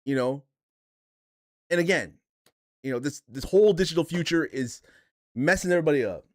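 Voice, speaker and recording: Male streamer host, slightly higher voice, dry close sound, rambling and emotional, casual rant. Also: expressive, moderate pace, dry recording. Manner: rambling, emotional, swears, reads chat aloud. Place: home stream setup in a chair.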